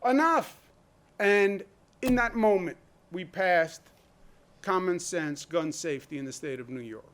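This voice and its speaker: A man's voice: high-pitched, measured pace, a bit bright. A man speaking as a state governor in a public briefing, blunt and emphatic, driving his points home with rhetorical questions. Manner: blunt, conversational.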